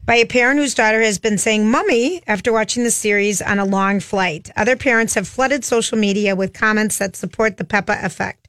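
A woman's voice: mid-range voice, steady tone, brisk, hardly any pauses, fairly bright tone, clean tone, dry recording. A woman hosting a talk radio show, chatting casually and gushing with enthusiasm. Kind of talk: casual chat.

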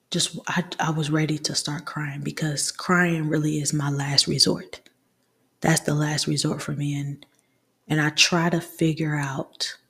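Hushed, gravelly young woman telling a story. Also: low-pitched. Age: 20s. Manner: hushed, often half-whispered delivery; candid, rambling, with restarts. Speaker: podcast storyteller. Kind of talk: casual personal storytelling.

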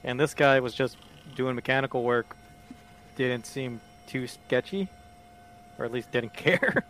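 A man's voice: mid-range voice, a little slow, fairly bright tone, a little hiss or hum. A man playing a tabletop game, making wry, teasing remarks to the group. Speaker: player. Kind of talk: casual game chat.

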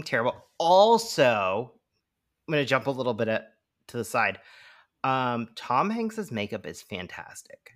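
A man co-hosting a film podcast at a middling pitch, giving blunt, opinionated takes. His talk is loose and casual, full of "um" and "like" as he works through his points. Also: a bit bright. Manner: blunt, opinionated, with many fillers. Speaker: podcast co-host. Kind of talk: casual film-review chat.

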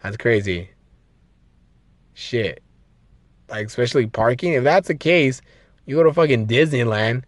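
A young man hosts a solo podcast, rambling excitably in a medium-pitched, unhurried voice with frequent pauses and no room sound. He swears a lot and keeps restarting, and his voice sounds a bit strained from talking so long.

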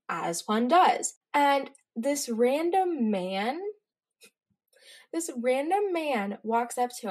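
A teenage girl hosting her own podcast, telling stories in a chatty, rambling way with quick asides. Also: mid-range voice. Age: teens. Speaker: podcast host. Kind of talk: casual solo podcast chat.

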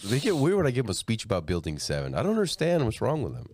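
A man in casual podcast chat, telling animated stories, mimicking people and laughing often. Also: mid-range voice, racing, dry recording.

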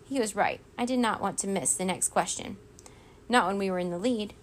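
A woman reading a children's storybook aloud in a steady, expressive way. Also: mid-range voice, brisk, a little hiss or hum. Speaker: reader.

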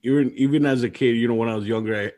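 A man's voice: mid-range voice, racing. A man hosting a podcast, chatting casually and easygoing, with lots of fillers. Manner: relaxed, easygoing, lots of "you know" fillers. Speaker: podcast host. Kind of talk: casual interview chat.

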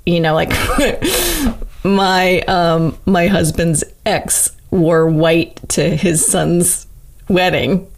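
A woman's voice: on the low side, animated, very slow, a little hiss or hum. A woman singer-songwriter in a casual interview, talking through her craft candidly, swearing freely and laughing often. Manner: candid and profane, laughs often, talks through ideas aloud.

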